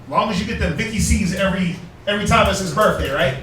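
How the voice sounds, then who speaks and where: A high-voiced man teaches his class with emphatic rhetorical questions and street slang. He sounds far from the mic in a very echoey room. Faint noise sits underneath. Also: fast talker, a bit bright. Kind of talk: preaching class lesson.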